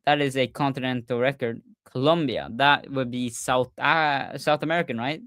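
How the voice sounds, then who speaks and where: A young man hosting a casual livestream recap, talking excitedly, often stumbling and repeating himself. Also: mid-range voice, normal speed, no room sound, studio quality. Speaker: podcast host.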